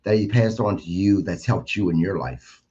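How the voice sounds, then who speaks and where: A man's voice: sits low, lively intonation, moderate pace, mellow. A man hosting a podcast interview, asking questions in an eager, conversational way. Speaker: podcast host. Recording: dull lo-fi audio.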